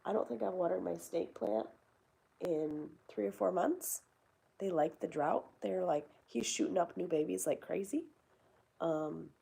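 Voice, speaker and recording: Young female host, casual rambling chat, low husky gravelly voice. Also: warm tone. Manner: rambling, chatty, swears casually.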